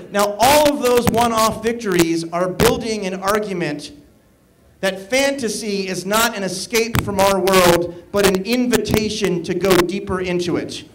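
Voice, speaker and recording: A man working as an event emcee, energetically leading a live audience in call-and-response chants and shouting to pump them up. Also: high-pitched. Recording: live event with loud crowd and background noise. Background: crowd noise.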